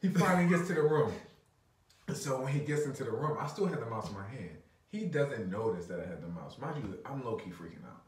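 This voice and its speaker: A man's voice: mid-range voice, lively intonation, fast talker. A man in his thirties, a podcast co-host, telling a story in casual chat, laughing and swearing a lot. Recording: roomy, distant mic.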